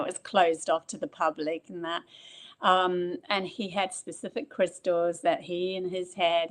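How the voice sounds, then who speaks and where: A woman, a guest telling a spiritual story in conversation and acting out quoted remarks with big jumps in pitch.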